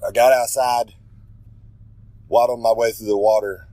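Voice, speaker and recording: A man's voice: mid-range voice, flat delivery, a little slow, mellow, no room sound, rough recording. Male wrestler, cocky promo delivery, refers to himself in third person, dry close sound. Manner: brash, swaggering, talks about himself in third person; rambling, with self-corrections. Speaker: pro wrestler giving a regular segment.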